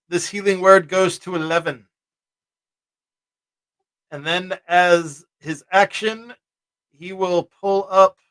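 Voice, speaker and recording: A man's voice: on the high side, fairly bright tone. A man playing a tabletop game, laying out his turn step by step. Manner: deliberate, describes turns step by step. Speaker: player. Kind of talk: casual tabletop play.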